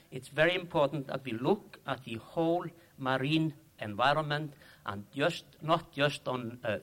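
A man with an Icelandic accent giving a halting acceptance speech, with many pauses and fillers. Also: mid-range voice, a bit bright. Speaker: award recipient.

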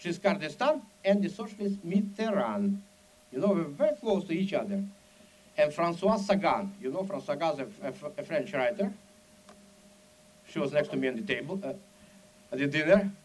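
A man with a thick Russian accent speaks with urgent, emphatic insistence in halting English. His voice sits fairly high and leaps widely in pitch as he presses each point. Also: sing-song, rough recording. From Soviet Union. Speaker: Soviet émigré dissident. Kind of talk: impassioned speech.

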